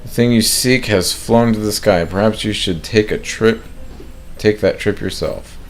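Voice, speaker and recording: A man's voice: lowish voice, unhurried, soft background music, voice pushed up. Man reading a cryptic game fortune teller.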